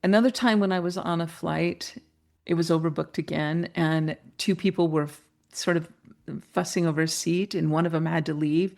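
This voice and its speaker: A woman guest, a mentor and coach, telling a personal story in an interview, animated and laughing, her pitch jumping up when she gets excited. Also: normal speed, vocal fry.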